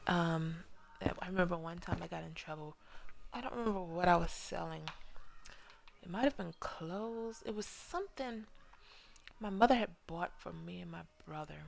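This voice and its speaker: Gravelly-voiced woman streamer, rambling chat. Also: on the low side. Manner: rambling, chatty storytelling, talks to viewers. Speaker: game streamer. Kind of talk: casual live-stream chat while building.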